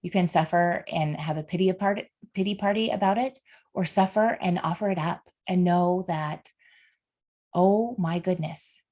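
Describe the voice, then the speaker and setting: A woman's voice: on the low side, moderate pace, a little mellow. A woman in her thirties hosting a solo podcast, talking earnestly and heartfelt with faith-based encouragement aimed straight at her listeners. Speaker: podcast host. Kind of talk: solo motivational podcast monologue.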